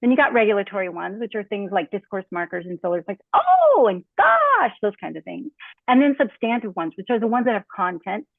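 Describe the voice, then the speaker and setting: A woman's voice: medium pitch, fast talker, gravelly, no echo. Woman panelist on a video call, casual explainer with fillers, dry tinny line. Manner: conversational, many fillers, acts out spoken examples. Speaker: panelist speaking as a designer. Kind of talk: online talk on speech design. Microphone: computer mic on a video call.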